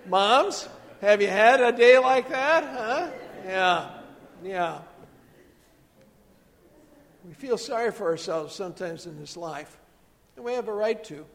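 A man preaching a sermon as pastor, telling stories and dropping to soft, hushed tones for emphasis. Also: high-pitched, lively intonation, measured pace, big-room sound.

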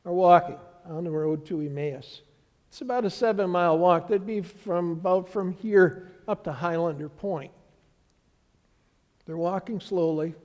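A man's voice: high voice, a little mellow, long reverb tail. A middle-aged man preaching a sermon as pastor, telling stories in a conversational way with voices for the people he quotes. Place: church sanctuary.

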